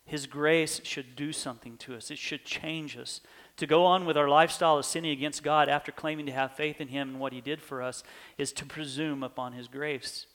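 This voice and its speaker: A man's voice: a little high, fairly even intonation, fairly quick, a bit bright. A pastor preaching a sermon in an earnest manner, his voice swelling with emphasis.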